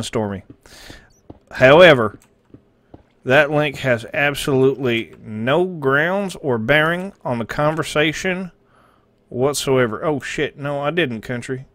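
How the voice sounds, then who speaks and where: A man talks to his live chat in an average-pitched voice. He is sarcastic and swears freely, and now and then he slips into a mock sermon. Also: a bit bright. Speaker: live streamer. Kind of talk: casual stream commentary.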